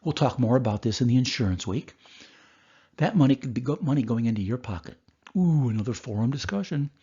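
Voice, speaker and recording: A man who is a doctor, giving a recorded course lecture and telling a story from his work with animated voices. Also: medium pitch, a little fast, breathy edge, muffled recording.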